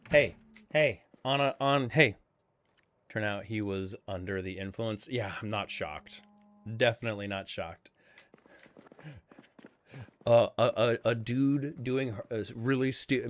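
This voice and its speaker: A man at an ordinary middle pitch chats while streaming a game, talking bluntly and swearing freely. He rambles and restarts his sentences, rising into loud, animated riffs and then dropping into quieter asides. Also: a little hiss or hum. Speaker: game streamer hosting a multiplayer server. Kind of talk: casual chat while streaming.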